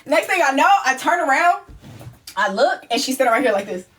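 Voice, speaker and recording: A woman's voice: sits high, big pitch swings, brisk, a bit bright, a little hiss or hum. A woman on a live stream telling a story, acting scenes out with swearing and laughter. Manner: profane, laughing, acts scenes out. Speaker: livestream host.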